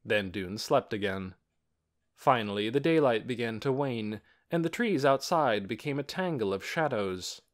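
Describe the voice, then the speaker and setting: A man reading a children's storybook aloud in an expressive, animated way. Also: mid-range voice, unhurried. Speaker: audiobook narrator. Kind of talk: scripted storybook narration.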